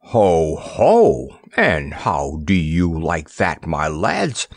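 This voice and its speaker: A man's voice: low-pitched, huge pitch swings, very slow, breathy edge, no room sound, voice pushed down, heavily acted. A man voicing a cheeky, mocking parrot with a rollicking, jeering manner.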